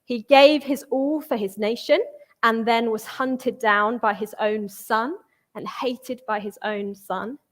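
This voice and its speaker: A woman's voice: fairly high pitch, steady tone, slow pace. A young woman, preaching in a church in a conversational way and reading scripture with feeling. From England. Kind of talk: sermon.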